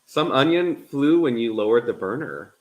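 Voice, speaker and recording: A man hosts a live cooking stream from his home kitchen, talking casually as he explains each step. His voice moves up and down in a lively way, and the room gives it a noticeable echo. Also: mid-range voice, moderate pace, dull audio. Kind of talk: casual chat while cooking.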